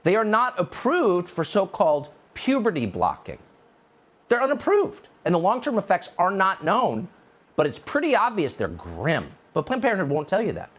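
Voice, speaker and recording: An American man delivers a mocking, indignant monologue as a political commentator. His pitch swings widely, from low grumbles to sudden high jabs. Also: huge pitch swings, moderate pace, fairly bright tone. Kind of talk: opinion monologue.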